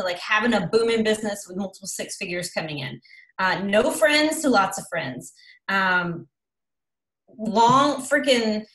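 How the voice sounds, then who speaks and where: A woman in her thirties giving an animated, chatty coaching talk on a team call. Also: on the high side, roomy sound, rough recording. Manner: lively, chatty, acts out quoted voices. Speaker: guest speaker on a team call.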